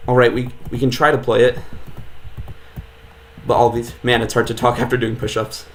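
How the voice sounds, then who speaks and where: A man's voice: medium pitch, flat delivery, normal speed. Laid-back male game streamer. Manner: laid-back, chatty with many fillers. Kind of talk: casual live-stream commentary.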